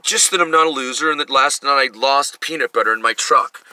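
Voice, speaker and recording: A man's voice: mid-range voice, brisk, pushed and bright, dry recording. A middle-aged male comedian giving a rambling, profane, self-mocking monologue.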